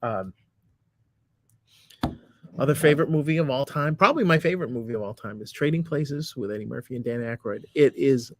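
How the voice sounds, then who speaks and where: A man trades dry jokes on a relaxed podcast. His delivery stays flat and wry. His voice sits at an ordinary mid pitch. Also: fairly quick, pauses often, slight background noise. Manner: dry, deadpan quips. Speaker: podcast co-host. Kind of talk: casual chat.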